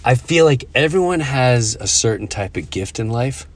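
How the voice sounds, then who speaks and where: Man, middle-aged, podcast host, casual storytelling, halting restarts, mid pitch. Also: animated. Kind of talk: casual chat.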